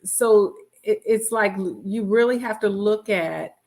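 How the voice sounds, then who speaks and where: A woman of average pitch speaks casually and thoughtfully as a guest pastor. She fills her pauses with soft ums. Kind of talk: casual conversation on marriage.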